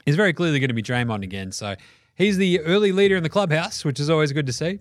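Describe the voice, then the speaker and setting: An Australian man hosts a sports chat show, his pitch swinging widely as he jokes and swears through the rundown. The sound is close and dry, with no room around him. His delivery is loose and animated, full of laughs and acted-out quotes. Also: quick pace, no room sound. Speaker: podcast host.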